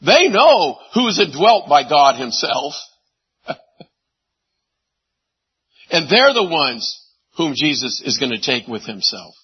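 A man preaching a sermon, animated, swinging from loud exclamations to hushed asides. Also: a little high, takes it slowly, pauses often, husky, highs cut off. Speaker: pastor.

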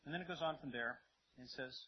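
A man teaching a Bible lesson to a congregation in an animated, conversational way, checking in with his listeners often. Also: mid-range voice, fast talker. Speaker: preacher. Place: room with a congregation. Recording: dull lo-fi audio, faint hiss.

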